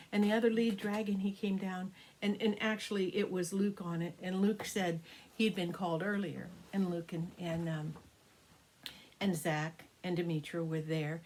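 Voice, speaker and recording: An older woman, a grandmother, improvising a children's story, animated and sometimes dropping to hushed whispers. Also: lowish voice, a little hiss or hum.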